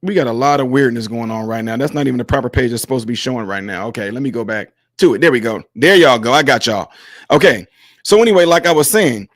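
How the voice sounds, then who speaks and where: A man's voice: medium pitch, dry recording, studio quality. A man hosting a political commentary vlog, scolding and mocking with a stream of rhetorical questions. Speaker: host of a commentary channel.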